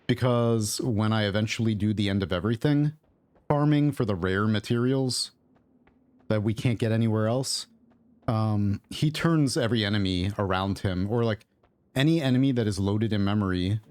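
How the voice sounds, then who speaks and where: Low-voiced man musing over gameplay. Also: moderate pace, darkish tone, no room sound. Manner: rambling, thinking aloud with fillers and mutters. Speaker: gaming streamer. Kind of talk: casual gameplay commentary. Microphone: own microphone at desk.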